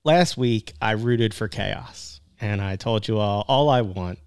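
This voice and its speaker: A man's voice: lowish voice, unhurried, darkish tone, smooth, dry recording, clean studio sound. A man co-hosting a sports radio show, chatty and laughing often as he talks.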